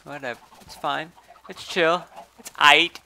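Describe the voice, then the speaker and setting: A man's voice: on the high side, fairly even intonation, measured pace, vocal fry, sharp tone. A man giving casual gameplay commentary, chatty, swearing, and talking to the animals in the game. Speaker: gameplay video host.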